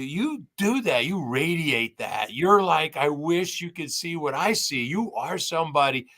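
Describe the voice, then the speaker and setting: Sixties male guest, choked up and halting, bright edge to the voice. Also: fairly high pitch. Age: 60s. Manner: halting, repeats words, heartfelt. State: teary. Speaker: guest on a live show. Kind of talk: emotional casual tribute.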